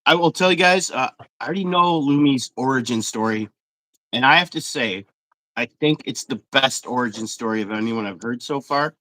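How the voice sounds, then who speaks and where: A man's voice: mid-range voice, normal speed, pushed and bright, dry recording. A man hosting a casual fishing interview, upbeat and loose with fillers. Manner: upbeat, reads stats with fillers. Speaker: interview host.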